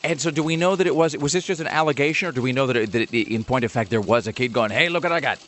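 Fast-talking wry male radio host. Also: mid-range voice, fairly even intonation, slight background noise. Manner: wry, joking, rambling. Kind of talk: casual radio chat.

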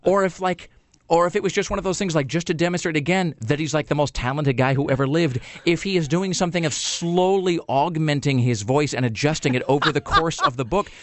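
A man's voice: on the high side, brisk. A man hosting a radio show, rambling through a story with lots of fillers in a casual banter style.

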